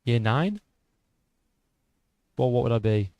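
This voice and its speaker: A man in his twenties with a British accent, hosting an MMA channel and reading viewer comments in a casual livestream chat. He swears often, restarts his sentences and argues with a rough edge. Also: mid-range voice, animated, takes it slowly, dry recording, lo-fi sound. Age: 20s. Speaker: YouTube MMA channel host.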